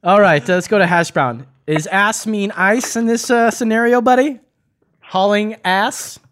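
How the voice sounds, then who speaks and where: A man's voice: sits high, measured pace, a bit bright. A man hosting a quiz game among friends, joking and swearing as he explains answers. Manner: joking, profane, explains at length. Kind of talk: casual podcast chat.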